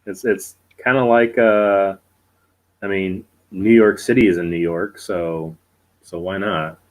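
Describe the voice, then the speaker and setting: A man's voice: sits low, steady tone, slow, poor audio. A man co-hosting a casual live-stream chat, joking and self-deprecating and chuckling often. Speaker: co-host.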